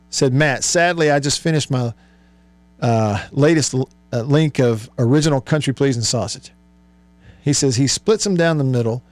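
On his sports call-in show, a male host reads out texts from listeners and reflects on them in a chatty manner, peppered with fillers. He speaks at medium pitch in an echo-free recording.

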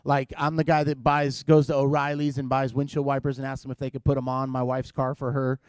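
A middle-aged man preaching in a comic storytelling way, self-deprecating and full of halting restarts. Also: mid-range voice, level tone, a little mellow, dry recording, clean studio sound. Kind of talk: comedic sermon storytelling.

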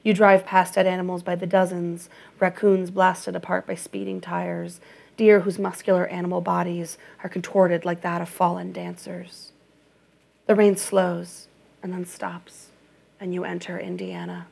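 A woman reading an audiobook in a measured, even narration. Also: lowish voice, creaky.

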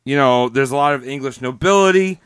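A man doing a hushed, scheming Italian brother. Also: medium pitch, a little fast, clear, resonant tone, no room sound, pitched below the performer's own voice, lightly acted.

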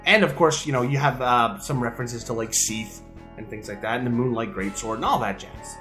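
A man's voice: medium pitch, fairly quick, bright, forceful tone, faint music behind. A man in his thirties co-hosting a casual podcast about retro games, talking in a jokey, rambling, playful way from a room at home. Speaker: podcast co-host. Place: home room with open window.

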